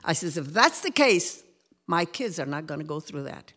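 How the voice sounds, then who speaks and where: A woman's voice: low voice, very animated, normal speed, pushed and bright. An older woman telling her church testimony in an earnest, rambling way, her voice lifting when she quotes people. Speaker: guest giving a testimony.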